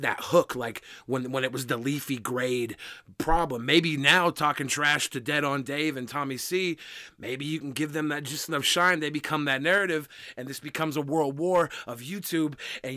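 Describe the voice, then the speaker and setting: Bright-voiced man rambling as a podcast guest. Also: a little high, no echo, clean studio sound. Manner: rambling, joking, stumbling restarts. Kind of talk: casual podcast chat.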